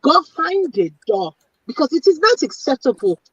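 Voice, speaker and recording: A woman's voice: high voice, very animated, normal speed, fairly bright tone, no echo. A middle-aged woman in a candid casual chat, speaking bluntly and emphatically and repeating her points. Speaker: panelist in a women's chat. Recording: distant, dull lo-fi audio.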